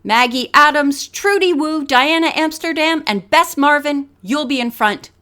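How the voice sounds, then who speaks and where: Brief: high-pitched, commanding female fashion director barking orders, read by a woman narrator. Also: measured pace. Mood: bossy. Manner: loud, bossy, clipped orders.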